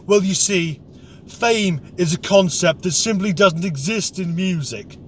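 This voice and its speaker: A man voicing a know-it-all music bore who lectures slowly. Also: high-pitched, slight background noise. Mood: pompous.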